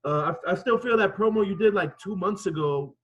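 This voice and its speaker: Man, high voice, casual rambling critique, profane. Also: a little fast, slightly rough, highs cut off. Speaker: wrestling student.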